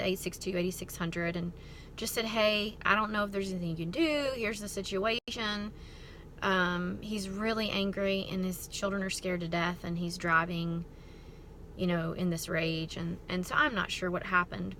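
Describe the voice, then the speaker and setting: A middle-aged woman, hosting a ministry talk and telling a story in a chatty, expressive way. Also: mid-range voice, a little hiss or hum. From American South. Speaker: ministry host. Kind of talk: casual storytelling talk to camera.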